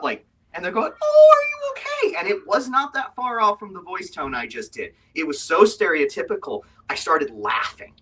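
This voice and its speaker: A man running a tabletop game as game master, a lively storyteller who tells the story, explains the rules and tells anecdotes. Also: husky. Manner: lively storyteller, quick shifts into high put-on voices. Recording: voice from a distance.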